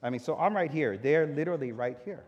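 A man's voice: fairly high pitch, fast talker, muffled recording. A man who is a pastor, telling a personal story in a sermon and acting out his own reactions. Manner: animated storyteller, acts out his own anger. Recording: echoey hall reverb.

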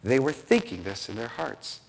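A man's voice: mid-range voice, normal speed, vocal fry. A man preaching a sermon, acting out scenes and quoting voices as he teaches from scripture. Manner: animated, acts out biblical scenes with quoted voices. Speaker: pastor.

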